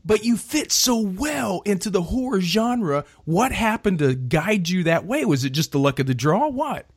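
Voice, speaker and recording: A man's voice: sits high, big pitch swings, normal speed, slightly rough, no echo, clean studio sound. A man hosting a podcast interview, hyped and showman-like, with casual slang. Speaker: podcast host.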